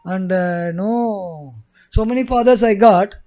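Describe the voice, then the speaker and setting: A man's voice: sits high, slow, mellow. A man voicing a revived baby boy who speaks in a wise, puzzled, matter-of-fact way.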